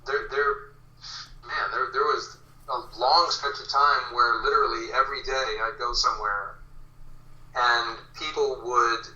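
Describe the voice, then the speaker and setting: Middle-aged man, guest actor, animated storyteller, forceful bright tone, roomy distant lo-fi audio. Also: medium pitch, unhurried. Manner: animated anecdotes with quoted voices. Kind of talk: casual interview storytelling.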